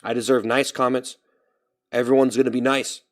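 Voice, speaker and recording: A man's voice: medium pitch, little pitch movement, moderate pace. A man talking casually to his live-stream chat, rambling and often stopping to restart and correct himself. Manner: talks straight to chat, reading out names.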